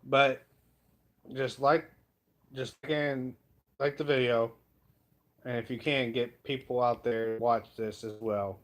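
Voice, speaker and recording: Slow-talking folksy man hosting a livestream. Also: mid-range voice, fairly even intonation. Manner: unhurried, rambling, folksy. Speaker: livestream host. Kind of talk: casual live-stream chat.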